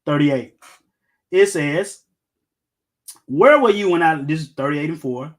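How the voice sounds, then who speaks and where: A man's voice: fairly high pitch, takes it slowly, slight background noise. A middle-aged man preaching an informal Bible-teaching sermon, emphatic, firing rhetorical questions and joking with his listeners.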